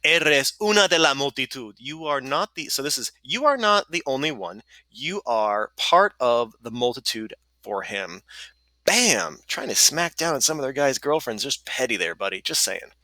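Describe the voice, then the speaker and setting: A man's voice: medium pitch, sing-song, normal speed, pushed and bright, no echo, studio quality. A man teaching an online Spanish lesson in a playful, jokey way.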